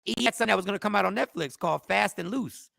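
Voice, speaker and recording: High gravelly man with animated storytelling. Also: racing, no room sound, studio quality. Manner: animated storytelling, bursts into shouting. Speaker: podcast co-host. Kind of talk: casual chat.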